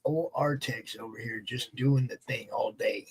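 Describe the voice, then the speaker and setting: A man's voice: mid-range voice, a little slow, breathy edge, low-quality recording. A man co-hosting a live stream, telling jokes in casual chat and voicing the characters in them. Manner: animated storyteller, voices quoted characters.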